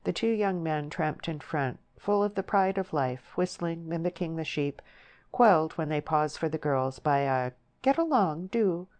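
A woman with a notably low, deep voice reads a novel aloud as an audiobook. Her delivery is measured and descriptive, lingering over scenery. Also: a little mellow. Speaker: audiobook narrator. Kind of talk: scripted narration.

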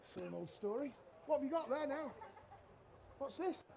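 A middle-aged man, a chef giving a live cooking demonstration on a trade show stage and joking loudly with the crowd and his helpers. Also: very high-pitched, expressive, moderate pace, gravelly. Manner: cheeky, loud-mouthed joker. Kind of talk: live cooking demo with banter.

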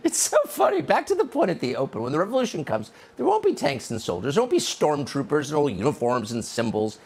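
A man's voice: on the high side, wildly swooping pitch, fast, darkish tone, husky. A man delivering a sarcastic, indignant opinion monologue as a political commentator, from the United States.

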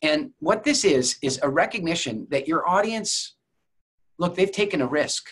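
A man with a slightly high, animated voice, fairly bright with a breathy edge, speaks at a moderate pace. In a conversational masterclass lecture on public speaking, he addresses viewers directly and uses stories as examples.

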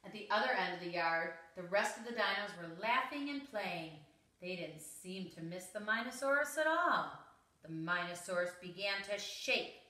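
A woman reading a rhyming picture book aloud to children in a slow, expressive, rhythmic way. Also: on the low side. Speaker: story reader. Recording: roomy echo, mic at a distance.

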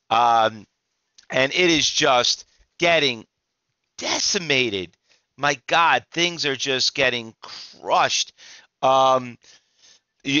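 A man's voice: mid-range voice, sharp tone, no room sound, dull audio. Tired, rambling man. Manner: rambling, restarts often, emphatic. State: exhausted. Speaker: trading instructor. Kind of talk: casual market commentary to viewers.

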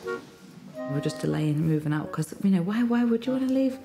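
A woman's voice: lowish voice, animated, moderate pace, vocal fry, music in the background. A young woman expecting twins, talking candidly in a documentary interview.

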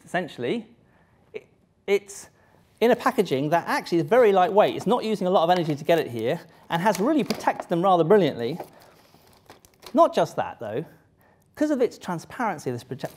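Animated man giving a lecture. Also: high-pitched. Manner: lively, self-interrupting, joking with audience. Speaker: public lecturer. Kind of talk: live science lecture. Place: lecture hall.

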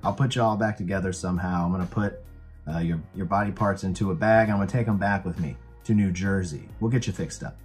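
A man voicing an earnest, nerdy young mad scientist in a movie retelling, in a lowish voice. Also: steady tone, fast, faint music behind, lightly acted. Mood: reassuring.

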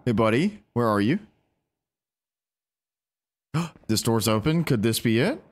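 A man giving casual, animated commentary while playing a ghost-hunting game and talking to his teammates. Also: medium pitch, normal speed, pauses often. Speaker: gaming streamer.

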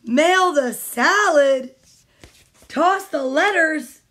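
A woman reading aloud voices a dreamy, spaced-out male duck in a storybook, talking slow and drawn out. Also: high voice, bright, forceful tone, exaggerated voice.

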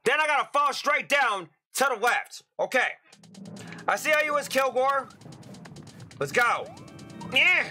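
Young guy yelling at a platformer, super bright piercing voice, crude jokes, lively up and down. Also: very high-pitched, a little slow, long pauses, faint music behind. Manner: excitable, swings into loud frustrated outbursts and crude joking. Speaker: gaming channel host. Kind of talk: gameplay commentary.

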